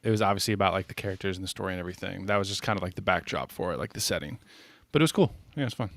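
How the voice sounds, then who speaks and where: A lower-voiced man co-hosting a podcast, chatting in an easygoing way with plenty of "like" and "um." The sound is dry and close to the mic. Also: rapid-fire, a bit bright, no echo. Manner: easygoing, filler-heavy. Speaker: podcast co-host. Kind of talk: casual chat.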